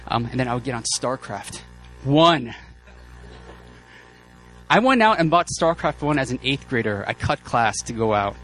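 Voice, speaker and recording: Preaching at a normal speed in a mid-range voice, a man shares personal stories in a loose, joking, animated style, often restarting and using many fillers. Soft music runs in the background.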